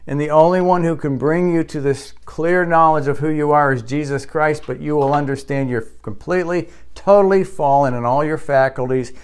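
A man's voice: fairly even intonation, normal speed, hardly any pauses, clear, resonant tone. Emphatic male pastor preaching. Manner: emphatic preaching, rising sharply on quotes and questions; closes in a quiet, low prayer. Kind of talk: sermon.

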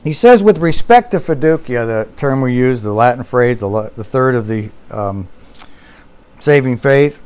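A man preaching a sermon in an earnest style, lifting and dropping his voice for emphasis and reading quotes slowly. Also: mid-range voice, darkish tone, clean tone. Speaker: pastor.

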